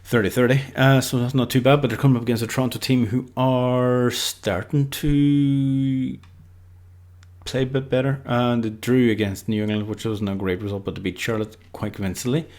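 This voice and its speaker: With a medium pitch and flat, slightly mellow delivery at normal speed, this Irishman makes off-the-cuff football predictions. His talk wanders, packed with fillers.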